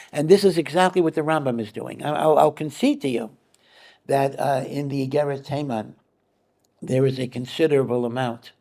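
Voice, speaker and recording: Gravelly-voiced rabbi teaching a lively class. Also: male voice, medium pitch. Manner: animated, repeats phrases, acts out quoted voices. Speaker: rabbi giving a Torah class. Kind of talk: conversational Torah lecture.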